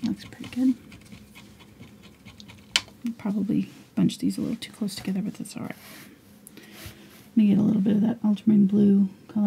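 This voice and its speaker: A woman teaching a live painting lesson, her voice hoarse and fading as she talks quietly through each brushstroke. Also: mid-range voice, little pitch movement, moderate pace, pauses often, slight background noise. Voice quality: husky, gravelly. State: losing her voice. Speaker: painting instructor.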